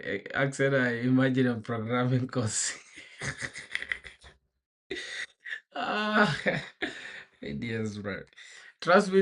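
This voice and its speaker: A young man with an average-pitched voice, live-streaming his coding session. He chats casually and thinks out loud as he works. He calls his viewers "bro" and greets them by name. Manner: laid-back and slangy, greeting viewers by name and thinking aloud.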